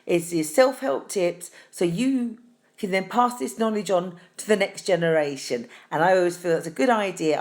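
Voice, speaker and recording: A middle-aged woman hosting a deadpan comic tutorial, chatty and fussy, calling viewers darling. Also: lowish voice. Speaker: host.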